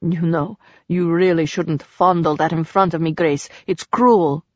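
Brief: woman reading roguish warrior man, wry and suggestive, low and dry. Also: fairly even intonation, unhurried, darkish tone, no room sound. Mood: sardonic flirting. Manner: dry, sarcastic and flirtatious. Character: teasing lecherous grown man, a former warrior general. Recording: dull dry recording.

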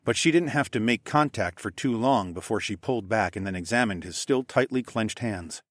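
A man narrating a first-person novel, measured and steady. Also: on the low side, dry recording, studio quality. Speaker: audiobook narrator.

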